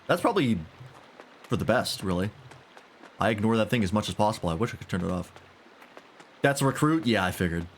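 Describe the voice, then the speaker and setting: A man's voice: lowish voice, very animated, brisk, pauses often, a little hiss or hum. A man giving casual, irreverent let's-play commentary while playing a game. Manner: joking, irreverent. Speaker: gaming streamer. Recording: game music behind voice. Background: game music.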